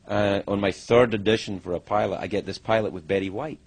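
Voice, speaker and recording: A middle-aged man telling career stories as an interview guest, animated and profane, acting out what others said. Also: fairly low pitch, brisk. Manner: animated, profane, acts out other people's lines. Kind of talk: candid storytelling interview.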